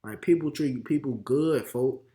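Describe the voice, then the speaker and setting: A man's voice: mid-range voice, unhurried, mellow. A young man with a Chicago accent giving heated, slang-heavy reaction commentary. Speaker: reaction video host.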